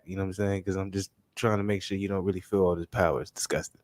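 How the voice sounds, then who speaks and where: A man co-hosting a casual fight watch chat, loud and excitable, breaking into playful impressions. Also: fairly low pitch, fairly quick. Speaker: co-host of fight watch commentary.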